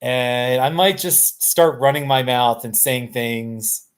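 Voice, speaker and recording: A man's voice: mid-range voice, takes it slowly, clear, resonant tone. A tired middle-aged man hosting a casual live stream from his couch at home, rambling, self-deprecating and laughing often. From United States.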